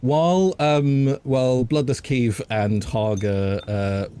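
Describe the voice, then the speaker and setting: A British man narrating as game master of a tabletop game, unhurried and halting, with many fillers. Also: medium pitch, fairly even intonation, mellow, slight background noise.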